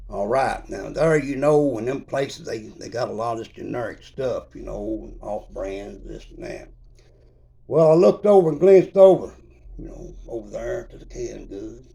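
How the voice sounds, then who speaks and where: Gravelly man telling a folksy tale. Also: medium pitch, a little slow, warm tone. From Kentucky. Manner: folksy, repetitive, with constant "I said" and dialect grammar. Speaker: traveler telling his own story. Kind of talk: rambling spoken storytelling.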